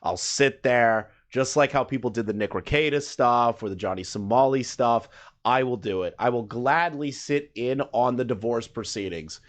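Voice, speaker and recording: A man reacting to a video as a commentary streamer, mocking and swearing as he rambles, with sudden loud high outbursts. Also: moderate pace.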